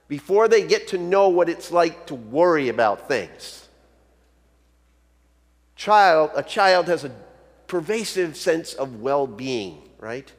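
A male pastor preaching a sermon in a conversational, storytelling way. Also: fairly high pitch. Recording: long hall reverb.

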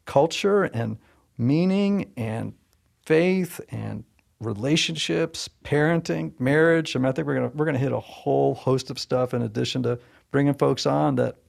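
A man's voice: mid-range voice, moderate pace, vocal fry. A man from Southern Connecticut co-hosting a podcast, talking in a thoughtful, chatty way with many "you know" fillers. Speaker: podcast co-host. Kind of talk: casual podcast chat.

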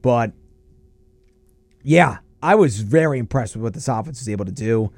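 A man's voice: medium pitch, no echo. Guy hosting a college football chat, bouncy voice, dead dry mic. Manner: lively, animated analysis with quick asides. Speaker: college football show host. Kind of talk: casual sports talk.

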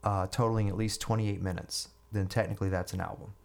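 A middle-aged man with a fairly low voice tells his story as a podcast guest. He talks chattily, stumbling over repeated words. He slips into playing the people in his tale. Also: steady tone, fast, gravelly. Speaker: guest musician.

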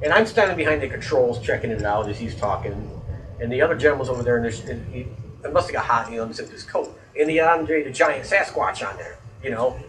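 Animated man telling a story from afar. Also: medium pitch, fast, far from the mic, slight background noise, poor audio. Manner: animated storyteller, swears, acts out quoted voices. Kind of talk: casual podcast chat.

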